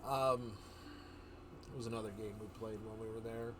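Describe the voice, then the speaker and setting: A man on a livestream telling a story in a loose, rambling way, often correcting himself and slipping into quick voices for the characters. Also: lowish voice, flat delivery, noisy background. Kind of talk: casual storytelling chat.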